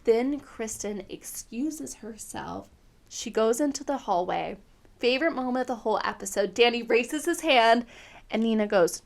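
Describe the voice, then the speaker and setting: A woman hosts a casual podcast, recapping reality TV in loose, opinionated chat. Her voice sits slightly high with a gravelly fry running through it. She talks freely and leans on fillers as she goes. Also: expressive, a little slow. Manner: chatty, filler-heavy, opinionated. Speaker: podcast host.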